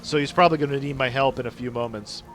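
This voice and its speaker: A young Canadian man streaming gameplay live, chatting excitedly with viewers and apologizing a lot. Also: mid-range voice, fast, faint music behind.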